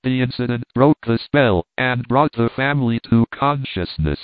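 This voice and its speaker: A man narrates a story in a steady, measured reading voice. The sound is narrow and phone-like, and it is very dry. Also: medium pitch, no echo. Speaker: audiobook narrator. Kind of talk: scripted narration.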